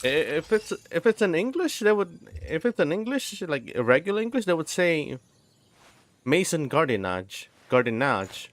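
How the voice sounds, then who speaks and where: A man's voice: sits high, big pitch swings, fairly quick, few pauses. Rambling young man streaming a game. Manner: rambling, many restarts, sounding out words. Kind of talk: casual stream chat.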